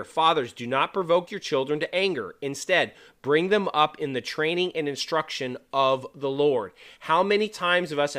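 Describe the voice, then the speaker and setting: Middle-aged male podcast host, slightly high voice, chatty Bible teaching, peppered with "right?". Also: a bit bright. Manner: conversational, many fillers and "right?" tags.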